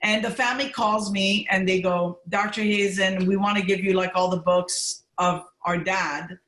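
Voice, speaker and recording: A woman physician talks as a podcast guest, telling stories with lively bursts of enthusiasm. She speaks over a video call from an echoey room. Her pitch sits in the middle of the range. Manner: animated, storytelling, quick bursts of enthusiasm. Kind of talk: casual interview chat.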